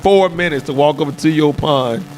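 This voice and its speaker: A man on a comedy podcast panel, his voice sitting a little high. He jokes through his stories and laughs as he goes. Faint noise runs underneath. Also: moderate pace, a little mellow. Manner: laughing, storytelling banter. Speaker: panel co-host. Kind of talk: casual comedic panel chat.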